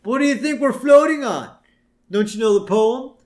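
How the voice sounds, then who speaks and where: A man voicing a loud, bumbling middle-aged cartoon father, pitched up and blustering. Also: moderate pace. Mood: smug. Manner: blustering, higher and louder than his own voice.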